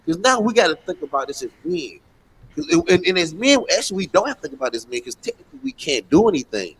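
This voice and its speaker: A man's voice: sits high, big pitch swings, fast, breathy edge, low-quality recording. A man hosting a casual panel chat, blunt and swearing freely. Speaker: host, addressed as pastor.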